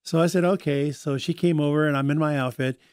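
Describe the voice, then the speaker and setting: A man, a Native dancer, chatting as a radio guest and telling anecdotes in a lively way. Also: on the high side, a little fast, no room sound, studio quality. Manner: chatty, lively storyteller acting out quoted voices. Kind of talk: casual radio interview storytelling. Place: radio studio.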